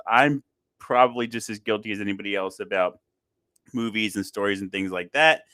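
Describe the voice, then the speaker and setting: A man hosting a casual chat over a video call, chatty and quick to laugh at himself. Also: fairly low pitch, bright, forceful tone, no room sound. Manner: chatty, laughs often, self-deprecating. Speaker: podcast host.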